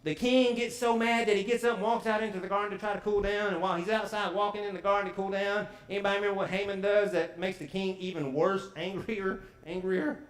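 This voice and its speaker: A male preacher retells a story for his congregation, lively and quick to throw questions out to the pews. His voice sits high, and it rings around a roomy church sanctuary. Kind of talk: storytelling sermon.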